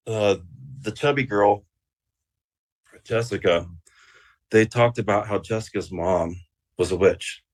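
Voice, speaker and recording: A man's voice: on the low side, takes it slowly, pauses often. A man guest on an interview show, telling a rambling story casually with plenty of swearing and fillers. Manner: rambling and profane, with many fillers.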